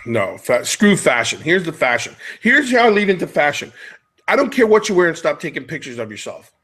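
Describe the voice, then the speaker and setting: A man's voice: a little high, sing-song, fairly quick, fairly bright tone. A middle-aged man hosting a podcast, chatting casually and jokily as he wanders off on tangents. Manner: rambling, jokey, jumps between tangents. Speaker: podcast host.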